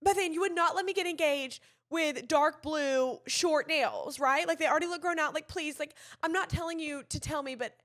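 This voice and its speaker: A woman's voice: high voice, moderate pace, few pauses, a bit bright. A young woman, co-hosting a podcast, who rambles and pokes fun at herself as she tells her side of the story. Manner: rambling, self-deprecating storytelling. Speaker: podcast co-host. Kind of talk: casual chat.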